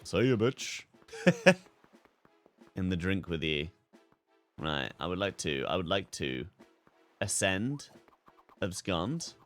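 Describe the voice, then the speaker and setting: A man's voice: low-pitched, very animated, slow, long pauses, a bit bright, soft background music. A young man streaming a game, chatting casually, swearing freely and breaking into laughter. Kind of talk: live gameplay commentary.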